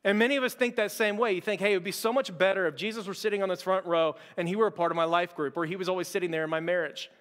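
A man's voice: sits high, steady tone, very fast, hardly any pauses, fairly bright tone, in a large hall. A pastor preaching a sermon to his church in a conversational, emphatic way, with repeated words and casual fillers.

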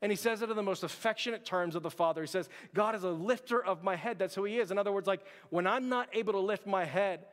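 Man, pastor, high voice, earnest conversational sermon, echoing church hall. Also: fast talker, hardly any pauses. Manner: earnest, conversational preaching with frequent "church, like" asides.

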